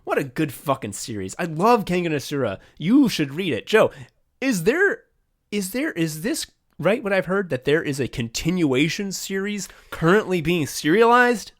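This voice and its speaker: A man co-hosting a podcast in casual chat, excitable and swearing often. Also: high-pitched, normal speed. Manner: excited, profane, acts out characters in quotes. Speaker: podcast co-host.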